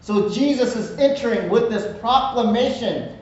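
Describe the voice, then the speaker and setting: A man's voice: very high voice, moderate pace, a little mellow. A man preaching a conversational sermon, often checking in with "right?". He is recorded from far off in an echoey church hall with dull sound. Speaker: pastor.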